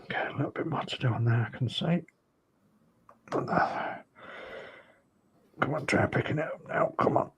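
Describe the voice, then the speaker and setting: Gravelly man muttering as he paints. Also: mid-range voice, moderate pace, long pauses, a bit bright. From United Kingdom. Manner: mutters encouragement to himself as he works. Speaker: scale model builder. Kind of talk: casual narration while painting a model. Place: home hobby room.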